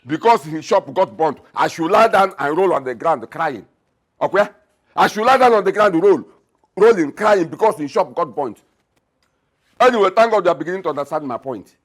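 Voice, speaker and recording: An actor with a Nigerian accent playing a blunt, mocking middle-aged father who talks loudly and repeats himself. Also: a little high, lively intonation, normal speed. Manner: mocking, loud, repetitive.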